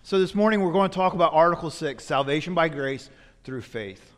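Guy pastor preaching, slightly high voice, big churchy echo, goes quiet then loud. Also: lively intonation, a little fast. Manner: storytelling, swings from hushed to loud. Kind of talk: sermon. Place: church sanctuary. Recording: long reverb in a church hall.

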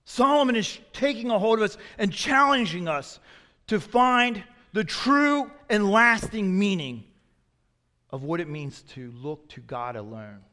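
A man preaching a sermon in a conversational, storytelling way, swinging between loud emphatic phrases and hushed asides. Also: high voice, lively intonation, unhurried. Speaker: pastor. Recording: long reverb of a large hall.

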